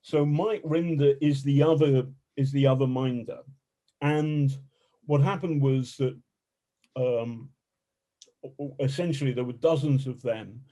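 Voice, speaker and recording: A man, an investigative journalist, telling stories in a colorful, animated way as a podcast guest and swearing freely. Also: mid-range voice, unhurried. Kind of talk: casual storytelling interview.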